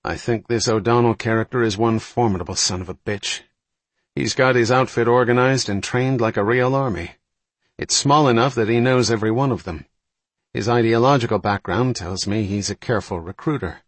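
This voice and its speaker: A man reading the part of a sharp, probing male intelligence analyst who presses his argument hard in an audiobook. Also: medium pitch, normal speed, dry recording, lightly acted. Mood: insistent.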